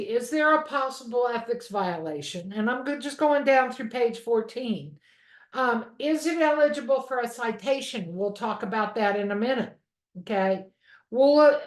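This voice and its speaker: A woman teaching a real estate course in a chatty way. She often stops to check in with "okay?" and speaks from a room at home. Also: fairly high pitch. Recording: echoey room.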